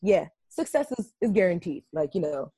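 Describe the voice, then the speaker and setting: A woman co-hosting a podcast in casual chat, animated and acting out quotes in voices. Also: lowish voice, moderate pace, breathy edge, dry recording. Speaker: podcast co-host.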